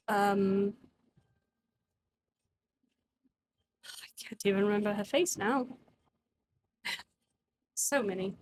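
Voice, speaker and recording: A woman's voice: on the high side, slight background noise. A woman voicing a tipsy young nobleman in a tabletop game, a callous womanizer who talks in an offhand, drawling, dismissive way.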